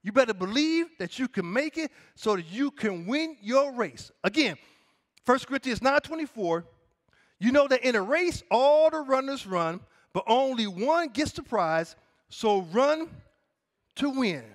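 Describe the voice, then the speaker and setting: A man's voice: very high voice, lively intonation, unhurried. A middle-aged man preaching a sermon as pastor, calling for the congregation to repeat after him, his cadence rising and dropping.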